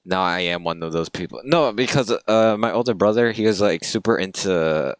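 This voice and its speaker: Brief: young male podcast co-host, very low voice, loose rambling banter. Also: normal speed. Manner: joking, rambling, trails off quietly. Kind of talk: casual chat.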